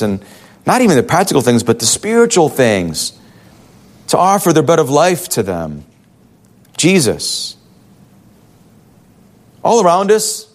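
A male pastor giving a conversational sermon in a church, full of rhetorical questions. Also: medium pitch.

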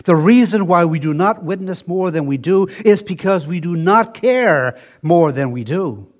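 An older male preacher delivering a sermon in a slightly raised voice. He speaks slowly and with emphasis, and he often sinks into a hushed, low tone to drive a point home. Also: animated. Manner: slow, emphatic preaching with dramatic drops to a soft, low voice.

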